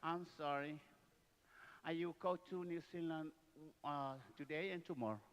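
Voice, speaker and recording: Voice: mid-range voice, normal speed. A speaker who chats playfully with a child in broken English, teasing and laughing often. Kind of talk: playful casual chat.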